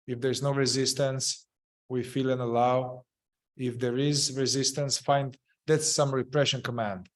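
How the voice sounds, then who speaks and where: Male group facilitator, mid-pitched, halting delivery with repeated phrases, teaching a therapy technique. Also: flat delivery. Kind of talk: explaining a therapy method to a group.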